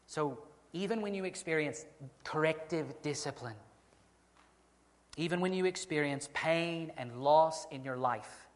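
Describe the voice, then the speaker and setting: A man preaching a sermon as pastor, earnest, slowing down to stress key phrases. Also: fairly high pitch, big-room sound.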